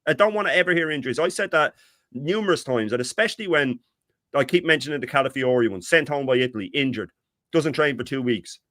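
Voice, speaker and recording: A middle-aged man co-hosts a fan stream and rants with fed-up energy. His voice sits at an ordinary pitch. The sound is dry and close, with no room echo. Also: fast talker. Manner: animated, exasperated ranting. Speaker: co-host. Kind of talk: heated fan talk.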